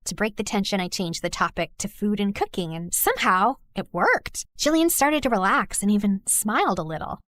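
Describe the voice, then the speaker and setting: A woman's voice: mid-range voice, expressive, normal speed, hardly any pauses, a bit bright, no echo, studio quality. A young woman narrating her own story in the first person, dramatic and sassy, jumping between asides and exclamations. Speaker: narrator and lead character.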